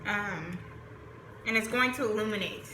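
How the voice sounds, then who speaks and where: A woman's voice: medium pitch, measured pace, pushed and bright. A woman with a Southern US accent giving a chatty, rambling tarot reading, full of fillers. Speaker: tarot reader. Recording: roomy echo, faint background noise.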